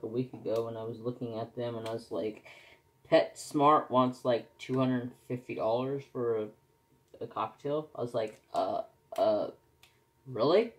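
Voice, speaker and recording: Slow-talking man, rambling casual chat. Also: mid-range voice. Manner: rambling, folksy, self-correcting. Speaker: crafting vlogger.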